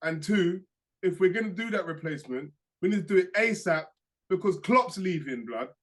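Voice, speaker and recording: A young man, chatting casually as a podcast co-host and telling lively stories in slang. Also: high voice, normal speed. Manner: animated storytelling, slangy, laughs through anecdotes. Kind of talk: casual chat.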